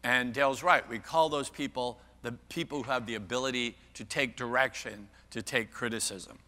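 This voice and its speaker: Older man, keynote speaker, playful audience banter, very bright tone, long hall reverb. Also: medium pitch, steady tone, normal speed. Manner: playful, teasing the audience, self-mocking about age. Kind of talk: interactive keynote talk. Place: large conference hall.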